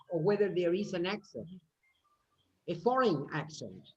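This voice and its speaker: A woman with a British English accent teaching a phonetics class online, explaining and correcting students. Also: mid-range voice. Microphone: video call. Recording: dull lo-fi video call audio.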